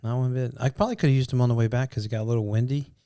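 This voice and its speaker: A man's voice: medium pitch, fairly even intonation, racing, mellow, clean tone, no echo, clean studio sound. A man co-hosting a travel vlog, telling a trip story in an enthusiastic, chatty way. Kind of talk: casual chat.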